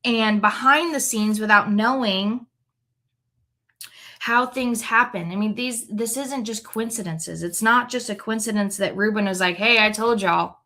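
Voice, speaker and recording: A woman's voice: on the high side, measured pace, bright, forceful tone. Woman reading and reflecting on scripture. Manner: conversational, tag questions like "right?". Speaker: Bible teacher.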